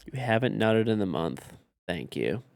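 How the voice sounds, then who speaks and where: Male game streamer, lower voice, blunt profane banter. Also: big pitch swings, a little slow, vocal fry, darkish tone. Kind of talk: casual live gaming commentary.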